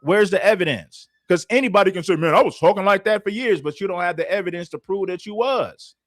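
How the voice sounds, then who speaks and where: A man holds forth on his livestream, hammering the same point over and over. His voice sits high for a man, and the sound is dry and close. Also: quick pace, no room sound. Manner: confrontational, repetitive, challenging. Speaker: livestream host. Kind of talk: heated livestream commentary.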